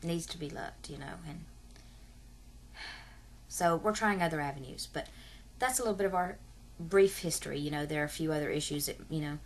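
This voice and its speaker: Low-pitched and brisk, this woman in her 30s vlogs to camera in a rambling, long-winded way. Her casual talk is packed with fillers and asides.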